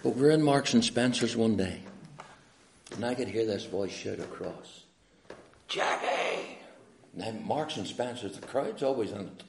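Gravelly Northern Irish preacher, echoey church. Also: male voice, on the low side, animated, normal speed, slight background noise. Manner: impassioned, swinging from hushed to loud appeals. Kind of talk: evangelistic sermon with storytelling.

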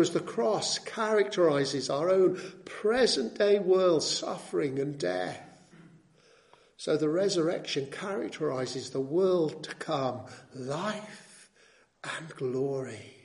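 A man delivers a sermon in a notably high voice. He is emphatic, pressing his points with rhetorical tag questions and repeating key words for weight. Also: vocal fry, a little mellow. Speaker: preacher.

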